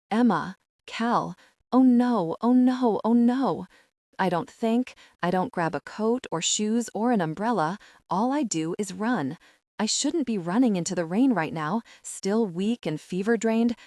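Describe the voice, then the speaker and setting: A woman narrates a romance audiobook in emotive first person, following a script and slowing down in measured, dramatic moments. Her mid-range voice is darkish, recorded studio-clean with no room sound.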